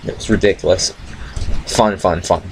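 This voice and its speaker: A young man tells a loose, profane story in a laid-back, rambling way, full of restarts. His voice sits low. A faint hiss runs behind him. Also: fairly even intonation, moderate pace, creaky, darkish tone, low-quality recording. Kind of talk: rambling casual anecdote.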